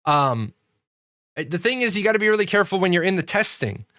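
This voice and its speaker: A man's voice: high-pitched, sing-song, quick pace, pushed and bright, dry recording, clean studio sound. A man hosting a casual livestream, telling rambling stories full of swearing and restarts. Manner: profane, ranting storyteller. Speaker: streamer hosting a game community show.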